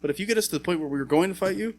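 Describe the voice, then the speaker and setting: A man's voice: high voice, rapid-fire. A man co-hosting a podcast in casual chat, blunt and emphatic and swearing freely. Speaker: podcast co-host.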